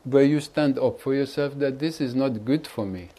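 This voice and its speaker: A man speaking as a spiritual teacher to an audience, calm and gentle at times, teasing and laughing at others. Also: medium pitch, normal speed, rough recording. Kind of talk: addressing an audience at a gathering.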